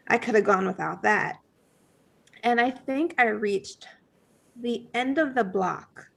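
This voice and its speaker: A woman guest on a podcast telling a personal story in a casual, animated way, full of fillers and acted-out thoughts. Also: on the high side, creaky. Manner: animated, many fillers, acts out her own past thoughts.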